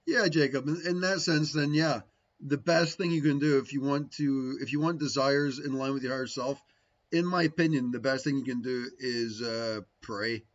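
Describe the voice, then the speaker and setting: The recording is muffled, but the man's medium-pitched voice stays steady at normal speed. As a spiritual teacher answering viewers on a casual livestream, he rambles and muses on spiritual practice, often asking "right?"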